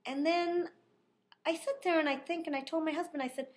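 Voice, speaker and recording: High-voiced woman telling a lively story. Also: a little fast. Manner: animated, laughing, with many fillers. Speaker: vlogger. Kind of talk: casual storytelling.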